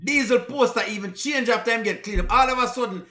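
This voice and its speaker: A man's voice: very high-pitched, fast, pushed and bright, reverberant. A man with a Jamaican accent giving casual reaction commentary as a livestream host. He pleads and repeats himself, slipping between patois and plain speech.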